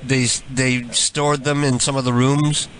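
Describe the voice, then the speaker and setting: A man's voice: mid-range voice, level tone, a little slow, fairly bright tone, slight background noise. A man hosting a prank call show, joking playfully between calls. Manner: playful, laughing asides. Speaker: radio prank call host.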